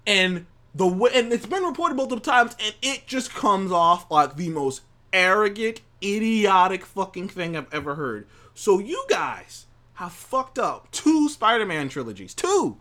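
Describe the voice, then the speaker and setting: Angry guy ranting into his mic, cursing a lot, high pitched, voice jumping all over. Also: sing-song, unhurried, pushed and bright. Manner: angry, profane, rambling with restarts. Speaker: show host. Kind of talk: heated opinion rant. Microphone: studio mic.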